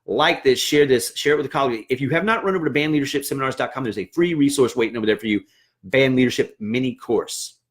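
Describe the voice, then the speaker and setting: A man's voice: mid-range voice, fast talker. A man who trains band leaders, giving an earnest, encouraging casual livestream talk to band directors. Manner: earnest and encouraging, acts out classroom dialogue.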